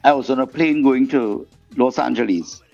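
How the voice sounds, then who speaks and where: A man with a gravelly, creaky voice tells stories as a podcast guest. He acts out the voices of the people in each scene. The audio sounds dull and muffled, with faint music underneath. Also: medium pitch, moderate pace. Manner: animated storyteller, acts out quoted voices. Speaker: guest singer. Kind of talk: storytelling interview chat.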